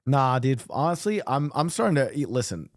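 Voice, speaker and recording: Male co-streamer, mid pitch, very lively intonation, emphatic and profane, dry sound. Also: moderate pace, dry recording. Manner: emphatic, swears a lot. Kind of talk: casual stream chat.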